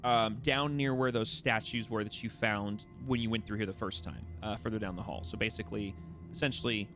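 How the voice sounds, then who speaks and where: A man's voice: lowish voice, fairly even intonation, fairly quick, a bit bright, faint music behind. Man narrating as a rambling game master. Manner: rambling, self-correcting narration. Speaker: dungeon master.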